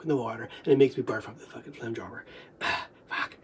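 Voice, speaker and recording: A vlogger telling a personal story in a rambling way, laughing, coughing and half-crying, swearing freely and dropping to a low quick murmur for asides. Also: steady tone, a bit bright, husky. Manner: laughs, coughs and half-cries while reliving a memory.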